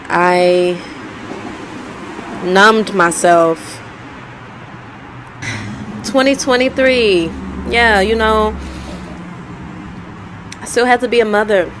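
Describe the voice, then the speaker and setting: A woman's voice: mid-range voice, extremely slow, long pauses, fairly bright tone, a little hiss or hum, poor audio. A woman telling her life story in a candid, conversational way, often repeating herself. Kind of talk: personal storytelling vlog.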